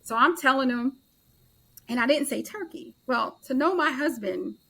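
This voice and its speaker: A middle-aged woman, a podcast guest, telling a personal story in an animated way and acting out the dialogue of the people in it. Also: sits high, gravelly. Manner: animated storyteller who acts out others' dialogue in quick back-and-forth. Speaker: podcast guest, author and life transitions coach.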